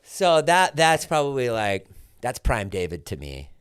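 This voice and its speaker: A man's voice: medium pitch, a little slow, smooth, no room sound, clean studio sound. A man in his forties, a podcast guest telling stories in casual chat and acting out what others said. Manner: animated storyteller, acts out quotes loudly.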